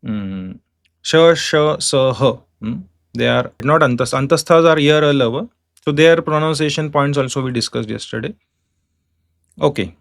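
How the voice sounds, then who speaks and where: Man with Indian English accent, teaching pronunciation, slow stepwise explaining, frequent hmm and right, dry sound. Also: mid-range voice, vocal fry, no room sound. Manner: explains slowly with many hmm and right checks. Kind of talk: online lecture.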